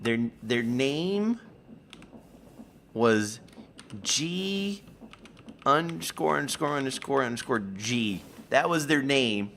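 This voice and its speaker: A man's voice: medium pitch, lively intonation, slow, long pauses, a bit bright, a little hiss or hum. A man streaming live, chatting casually and rambling through a story while acting out the voices of the people in it. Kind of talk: casual chat on a livestream.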